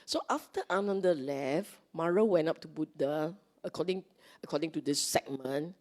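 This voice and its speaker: Low-voiced Singaporean woman giving a Dharma talk. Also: normal speed, a little mellow. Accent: Singaporean English. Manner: chatty, checks in with "okay?", acts out quoted lines. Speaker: Dhamma teacher. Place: meeting hall.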